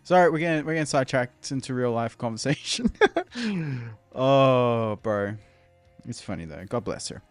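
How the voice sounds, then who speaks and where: A man's voice: medium pitch, expressive, normal speed, no echo. Rambling young Australian man streaming. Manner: rambling, laughs often, greets chat by name. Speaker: live streamer. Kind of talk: casual live-stream chat. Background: faint background music.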